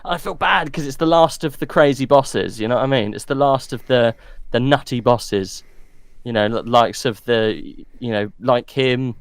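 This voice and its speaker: Male co-host, mid-pitched, dry recording, bantering casual delivery. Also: clean tone, no room sound. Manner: joking, quick asides. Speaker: podcast co-host. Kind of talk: casual sports chat.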